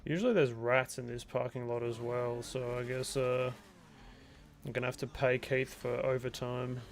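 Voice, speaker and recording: There's slight background noise as a young Australian man, accent clear, narrates his own game on stream. He speaks at medium pitch with a steady tone and moderate pace, rambling in a chatty, relaxed, self-directed way.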